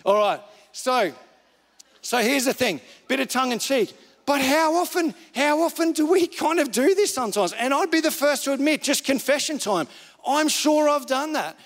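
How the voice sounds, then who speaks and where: High-voiced pastor in a hall. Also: male voice, animated, moderate pace. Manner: casual and conversational, repeats phrases. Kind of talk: sermon.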